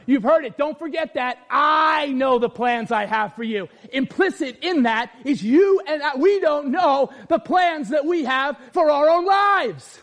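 A middle-aged pastor delivers an animated sermon, his unusually high-pitched voice rising into shouts to drive his points home. He talks to the congregation directly, asking questions and calling for responses. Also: measured pace. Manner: animated, often shouting for emphasis.

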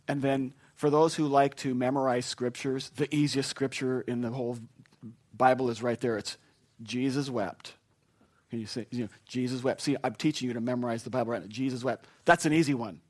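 A man preaching a funeral sermon, telling stories in an animated way and rising to excited outbursts. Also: mid-range voice, a little fast. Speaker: pastor.

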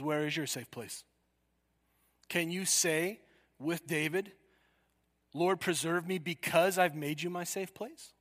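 A man preaching a sermon, emphatic and full of rhetorical questions, swinging from loud declarations to hushed asides. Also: fairly high pitch. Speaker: pastor. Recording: long hall reverb.

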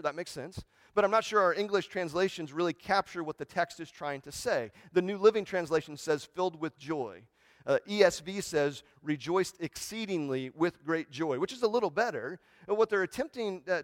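Man, pastor, sermon, higher voice, dry close sound, conversational, restarts words, hushed to excited. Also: no room sound. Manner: conversational preaching, frequent "right?", repeats words when he starts a sentence.

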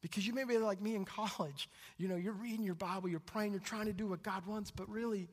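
A young adult man preaching a sermon, jumping to loud high exclamations and dropping to hushed low asides. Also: steady tone, quick pace, few pauses. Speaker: pastor.

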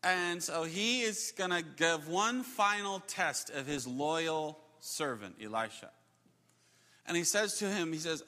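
A male preacher with a high, bright voice tells the story with lively animation, laughing now and then and acting out quotes. His sermon rings with the long reverb of a large hall. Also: moderate pace.

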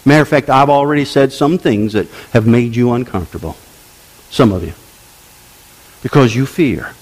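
A man preaching a sermon to his congregation, with conversational asides, dropping to low murmurs and rising to loud exclamations. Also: moderate pace. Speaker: pastor.

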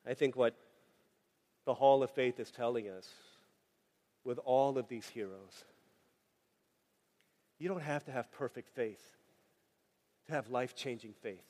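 A man preaching a sermon as pastor, animated and joking, acting out the voices of the people he quotes. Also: mid-range voice, measured pace, pauses often. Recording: long hall reverb.

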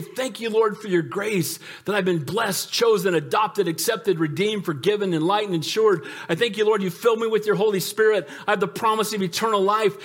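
A pastor with a high-pitched, slightly bright voice preaches a sermon in an emphatic, conversational style. He jokes with his congregation and repeatedly calls out for amens.

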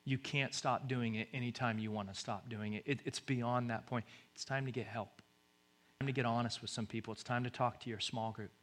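A man preaching a sermon, swinging from loud exhortation to hushed, near-whispered lines and repeating short urgent phrases. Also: mid-range voice, steady tone, a little fast. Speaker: pastor.

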